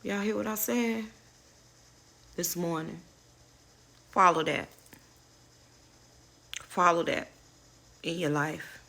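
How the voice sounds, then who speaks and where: A woman's voice: on the low side, takes it slowly, vocal fry, long pauses, fairly bright tone. A middle-aged woman casually sharing life lessons with her viewers, candid and preachy, swearing freely and calling them y'all. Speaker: spiritual advisor and channel host. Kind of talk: casual inspirational talk to viewers.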